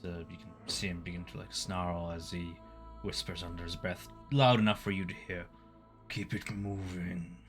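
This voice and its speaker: A man with a deep, low voice narrates a tabletop game as its game master. He describes the scene loosely, with plenty of ums and uhs. Soft music plays underneath. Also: fairly quick. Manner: relaxed, filler-heavy narration.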